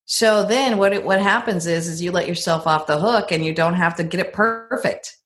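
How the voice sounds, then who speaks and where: A middle-aged woman in a casual advice conversation, telling personal stories and acting out quoted lines with lively jumps in pitch. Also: normal speed. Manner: animated storyteller, acts out quotes with big pitch jumps.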